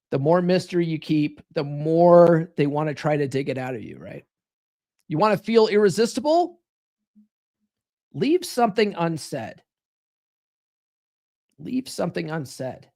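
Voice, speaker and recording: A man's voice: a little high, very animated, moderate pace, darkish tone. A man hosting a live stream, talking casually in a blunt, profane, coaching tone. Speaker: live stream host giving dating advice.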